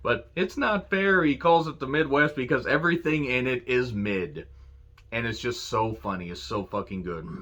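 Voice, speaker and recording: A man giving a casual solo review of a wrestling show, cursing freely, laughing and quoting promo lines with excitement. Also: medium pitch, moderate pace. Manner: profane, enthusiastic, laughs and quotes lines.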